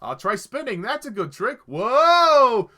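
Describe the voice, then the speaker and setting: A man's voice: very high voice, big pitch swings, takes it slowly, sharp tone, pitched above the performer's own voice, full character voice. A man mockingly imitating an eager young boy pilot, breathless and wide-eyed. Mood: gushing.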